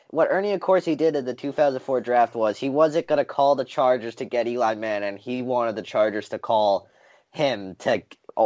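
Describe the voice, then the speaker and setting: A man's voice: mid-range voice, darkish tone. A man co-hosting a podcast in casual sports chat, explaining his points at length, one by one. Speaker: podcast co-host. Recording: dull lo-fi mic.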